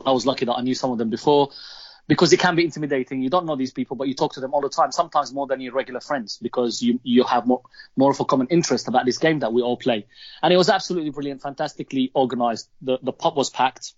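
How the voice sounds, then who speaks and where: A man's voice: medium pitch, very fast, no echo. Enthusiastic rambling man podcaster. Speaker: podcast co-host. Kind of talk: casual podcast chat. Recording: dry, dull lo-fi sound.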